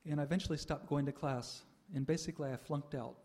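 Older male storyteller, mellow and slightly raised pitch, reflective, halting pauses. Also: steady tone. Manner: reflective, with frequent "uh" pauses and soft laughs. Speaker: speaker sharing a spiritual life story. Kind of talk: personal testimony talk.

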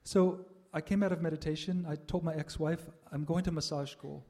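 An older man giving a reflective personal testimony to an audience, pausing often with "uh" and soft laughs. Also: on the high side, fairly even intonation. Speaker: speaker sharing a spiritual life story.

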